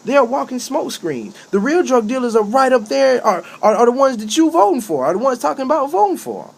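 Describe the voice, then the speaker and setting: Preachy man with high, emphatic voice. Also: sing-song, fairly quick, creaky. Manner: preachy and repetitive, with emphatic rising outbursts. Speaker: street preacher giving a talk. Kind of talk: impassioned spoken monologue.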